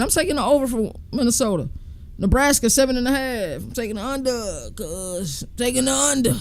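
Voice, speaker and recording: A man's voice: very high voice, animated, a little fast. A man hosting a sports podcast, talking casually and in slang while he thinks aloud and counts through team schedules.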